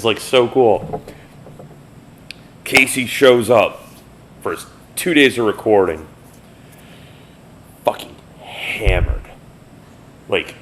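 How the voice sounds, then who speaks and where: A man's voice: rumbling low, a little hiss or hum. A man in his forties, a band member telling old studio stories in a casual, profane, rambling way. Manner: profane, rambling, animated retelling. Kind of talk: casual storytelling interview.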